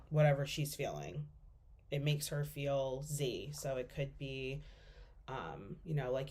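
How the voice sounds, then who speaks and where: A woman's voice: low voice, unhurried, mellow. A young woman giving a class presentation as a student, speaking casually with lots of fillers as she thinks aloud.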